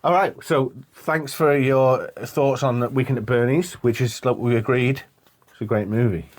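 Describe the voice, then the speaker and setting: A man co-hosting a podcast, telling stories in casual chat and acting out scenes. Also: normal speed. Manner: animated storyteller, acts out scenes in high voices. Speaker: podcast co-host.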